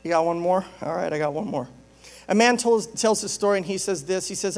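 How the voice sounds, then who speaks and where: Male pastor with a high voice, joking and chatty from the pulpit. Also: brisk, gravelly. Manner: joking, conversational storytelling. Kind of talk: sermon.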